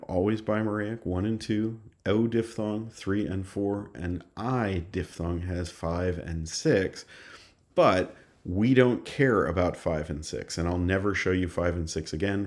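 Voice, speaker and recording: A man with a very low voice gives a recorded lesson. He explains each point patiently, one step at a time. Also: a little mellow. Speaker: teacher. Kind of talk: recorded lecture.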